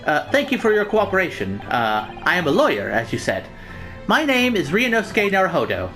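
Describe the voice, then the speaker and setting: A woman's voice: fairly low pitch, huge pitch swings, moderate pace, fairly bright tone, faint music behind. A woman voicing a nervous, hesitant young male lawyer in a game. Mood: formal. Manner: hesitant, stammering.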